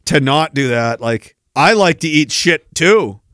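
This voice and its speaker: A man's voice: a little high, animated, unhurried, a bit bright, dry recording, studio quality. A man hosting a podcast, ranting sarcastically with heavy swearing and frequent laughter while reading out viewer messages. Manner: profane, sarcastic, laughs often. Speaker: podcast host.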